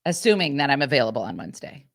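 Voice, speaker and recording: Low-voiced, self-mocking woman storyteller. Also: sing-song, very fast, fairly bright tone, dry recording, studio quality. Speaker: podcast co-host. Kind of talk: casual podcast chat.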